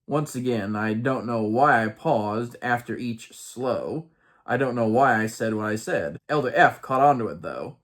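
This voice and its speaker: A man's voice: medium pitch, moderate pace. A man in his late thirties reading aloud from a personal journal, with wry, amused asides and playful lifts in his voice.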